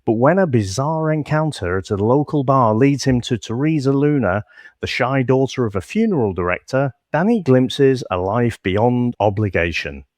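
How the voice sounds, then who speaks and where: A man co-hosting a podcast, reading out a film synopsis in a steady way, then handing over to his co-host. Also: medium pitch, moderate pace, no echo.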